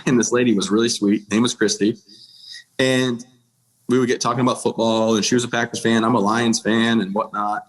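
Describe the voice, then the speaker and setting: A man's voice: mid-range voice, little pitch movement, a little fast. A man in his thirties from the United States, a podcast guest telling a personal story in a blunt, plainspoken way, with frequent restarts and "you know"s. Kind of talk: candid personal storytelling in a conversation.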